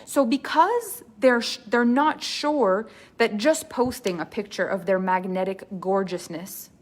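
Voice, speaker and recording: A woman's voice: mid-range voice, expressive, measured pace. A woman business coach giving an earnest masterclass talk, repeating key points for emphasis.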